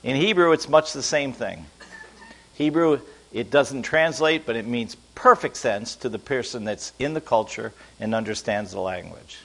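A man's voice: mid-range voice, moderate pace, gravelly, bright, forceful tone. A man preaching to a congregation, playful and quizzing his listeners as he goes. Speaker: pastor teaching a congregation. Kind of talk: lively sermon to a live audience.

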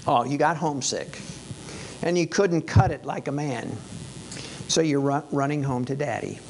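Man putting on Laban, a loud taunting uncle. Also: on the high side, moderate pace, slight background noise, natural voice. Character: scheming older male uncle, threatening and taunting.

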